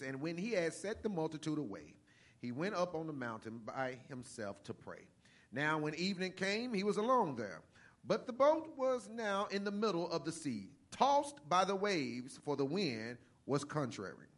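A man delivers a sermon in a voice pitched a little higher than most men's. He reads scripture in a slow, measured way, then preaches with a rising, fervent cadence. He leans on repeated phrases for emphasis.

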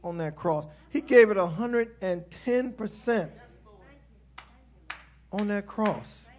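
A man preaching a sermon in an emphatic, repetitive call-and-response style, building in intensity and then softening. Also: sits high, expressive, takes it slowly.

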